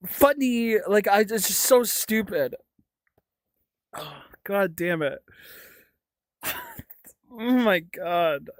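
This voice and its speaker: A woman's voice: mid-range voice, sing-song, measured pace, no room sound. A young woman hosting a casual livestream, reading chat aloud with a giggly, stammering, jokey way of talking. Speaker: livestream host.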